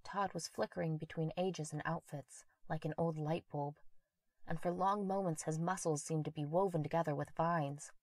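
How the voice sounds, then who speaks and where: A woman narrating a horror story in a measured, quiet, intimate way on a close mic. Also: sits low, steady tone, no echo.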